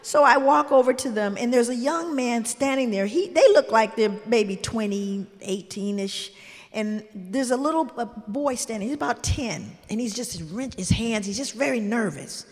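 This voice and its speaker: A woman's voice: a little high, lively intonation, normal speed. An older woman, a grandmother, telling stories in an earnest, heartfelt way, full of "you know" asides. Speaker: guest. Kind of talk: reflective storytelling in conversation. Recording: long hall reverb.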